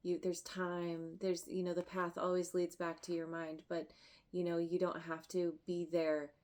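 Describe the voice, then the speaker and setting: Slow, emotional woman tarot reader. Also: lowish voice, monotone, darkish tone. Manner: emotional, effusive, halting with restarts and laughs. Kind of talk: tarot reading to camera.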